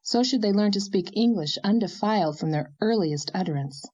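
A woman narrating an audiobook in an even, measured storytelling manner. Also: medium pitch, husky, highs cut off. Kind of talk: scripted narration.

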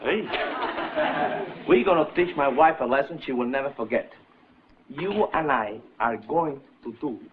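An actor playing a blustery, hot-tempered jealous husband in a sitcom. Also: male voice, medium pitch, animated, a little slow, pauses often, background noise, natural voice. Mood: scheming. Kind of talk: sitcom acting. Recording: dull old TV sound, laughing studio audience.

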